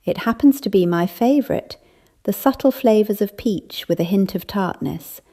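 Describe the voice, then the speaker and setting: A woman's voice: medium pitch, lively intonation, moderate pace, mellow. A woman voicing a gracious older aunt playing the polite hostess.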